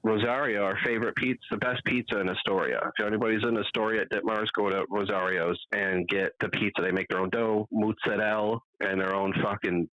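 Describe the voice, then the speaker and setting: A man co-hosting a casual podcast, telling profane stories and loudly mimicking other people's voices. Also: lowish voice, fairly even intonation, brisk, hardly any pauses, no room sound, lo-fi sound. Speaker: podcast co-host. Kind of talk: casual chat.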